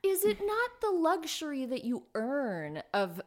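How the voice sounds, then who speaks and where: Animated woman telling stories, laughing. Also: unhurried. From Los Angeles. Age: 30s. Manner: animated storyteller, laughs often, jumps into high quoted voices. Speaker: guest. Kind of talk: casual chat.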